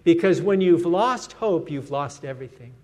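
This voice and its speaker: A man's voice: on the high side, lively intonation, moderate pace, darkish tone. A man preaching a sermon as pastor, earnest and emphatic, letting his voice fall at the end of each phrase.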